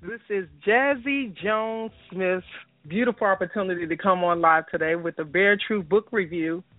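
A man reading a slow, measured opening announcement for a live internet radio show. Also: sits high, no room sound. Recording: phone-line quality, dry.

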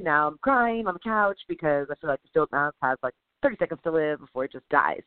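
A woman co-hosting a podcast, telling a story in a lively, animated way with sound effects and laughter. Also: sits low, brisk, no room sound. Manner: animated, mimics sounds and voices, laughs often. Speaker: podcast co-host. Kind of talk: casual storytelling chat. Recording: tinny phone-like sound, dry.

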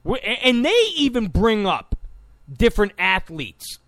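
A man delivers opinionated talk commentary in a fairly high voice that swoops up and down with lots of expression. He sounds combative and sarcastic. The sound is dry and close, with no room around it. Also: big pitch swings, a little slow, a bit bright, no room sound. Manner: combative, mocks opponents in quoted voices. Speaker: political commentator.

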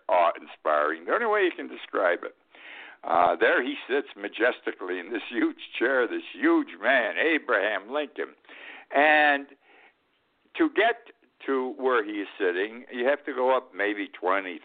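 Animated older man on tinny radio. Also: lowish voice. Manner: animated, laughing often, repeats phrases for emphasis. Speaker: radio talk show host. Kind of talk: opinionated radio monologue. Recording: tinny phone-like radio audio.

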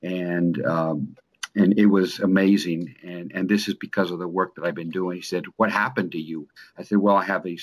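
A middle-aged man giving an earnest, emotional testimonial, speaking haltingly with many restarts and repeated words. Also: sits low. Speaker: coaching client. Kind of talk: personal testimonial in conversation.

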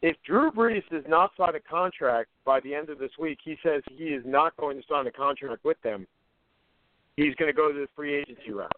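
Guy on sports radio, slightly high voice, sure of his picks, thin phone-line sound, dry. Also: normal speed, dry recording. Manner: confident, rattles off predictions, corrects himself mid-sentence. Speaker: radio sports show co-host.

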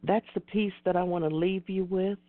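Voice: medium pitch, steady tone, moderate pace, no echo. Earnest host on a tinny phone-like line. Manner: earnest, emphatic, preacher-like repetition. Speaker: host of an online talk show. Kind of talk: motivational talk. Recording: dry tinny phone-like audio.

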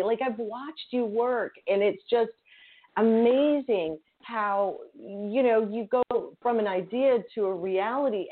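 A woman's voice: mid-range voice, narrow, tinny audio. A woman hosting a live show, bubbly and gushing as she chats. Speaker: host.

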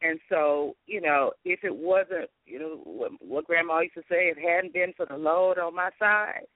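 A woman's voice: fairly low pitch, moderate pace, no echo. A woman from Los Angeles, a guest author and comedy writer, speaking candidly and expressively in a talk-show interview, often laughing. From Los Angeles, USA. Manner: lively, laughing, expressive, testimonial. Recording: tinny phone-line sound.

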